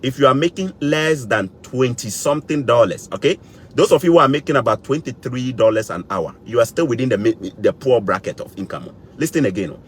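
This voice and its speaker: Man lecturing viewers, emphatic, repeats himself, lively swinging pitch, faint background hiss. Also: a little fast. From West Africa. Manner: emphatic, repeats points, addresses viewers directly. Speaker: vlogger. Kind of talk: lecturing to camera. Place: living in Canada.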